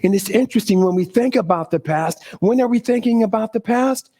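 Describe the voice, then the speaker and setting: A middle-aged man giving an animated sermon to a congregation, laughing often and leaning on preacherly emphasis. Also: sits high, a little fast. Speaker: spiritual speaker.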